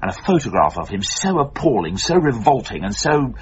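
An actor playing a pompous, smooth-talking newspaper editor in a radio sitcom. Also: male voice, medium pitch, very animated, a little fast, slight background noise, natural voice. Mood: scheming. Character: scheming, pompous middle-aged male newspaper editor. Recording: dull lo-fi radio recording.

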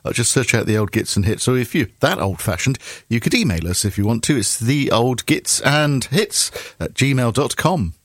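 A man's voice: moderate pace, hardly any pauses, no room sound, studio quality. A man from England hosting a casual radio chat show, telling jokey stories. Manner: jokey storyteller, lively pitch. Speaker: show host.

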